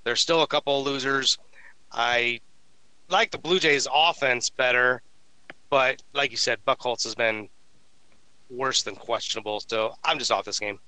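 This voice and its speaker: Betting podcast guy, really bright sharp voice, smooth and dry. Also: medium pitch, a little slow, dry recording, low-quality recording. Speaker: sports betting podcast co-host. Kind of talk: casual podcast chat.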